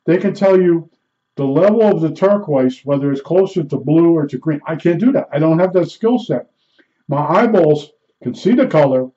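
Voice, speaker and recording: A rambling, folksy man chats through a loose monologue, full of fillers and restarts. His voice sits a bit high yet sounds mellow and dark. The recording is muffled and lo-fi. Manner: imitates beeps with his mouth. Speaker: storyteller. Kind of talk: casual monologue. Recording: dull lo-fi recording.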